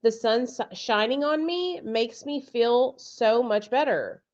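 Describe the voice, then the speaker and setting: A woman's voice: fairly high pitch, slow pace, darkish tone, lo-fi sound. A woman hosting a casual live chat, talking bluntly with frequent swearing and laughter over a video call. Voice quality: blunt, profane, laughs often. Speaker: podcast host.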